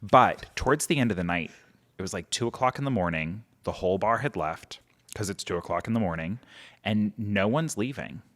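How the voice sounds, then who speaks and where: A man's voice: on the low side, brisk. A man, a podcast guest telling a story casually and animatedly, acting out quotes. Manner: animated, acts out quotes, many "like" fillers.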